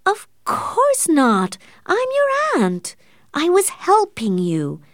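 Audiobook character, a woman voicing a fussy, meddling middle-aged aunt whose pitch swings widely as she insists. She talks in a coaxing, busybody way, and the recording is close and dry. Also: expressive, a little slow, darkish tone, dry recording, close to an everyday voice. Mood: indignant. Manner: insistent and fussy, rising shrill when upset.

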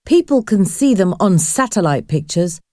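A woman's voice: medium pitch, sing-song, moderate pace, warm tone, dry recording, clean studio sound, lightly acted. Woman voicing a young man, seasick, stubborn, blunt, weary. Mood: tired.

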